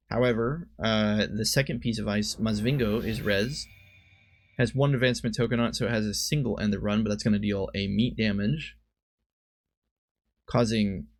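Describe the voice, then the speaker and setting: Low gravelly man casually commenting on a game. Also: no echo. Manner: thinks aloud, often corrects himself. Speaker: streamer and commentator.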